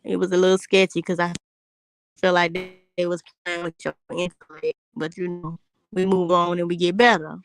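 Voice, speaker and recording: A woman's voice: on the low side, little pitch movement, normal speed. A young woman hosting a casual livestream, reading viewer comments aloud in a brash, profane, joking way. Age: young adult. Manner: brash, profane, laughing, talks straight to chat. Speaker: livestream host.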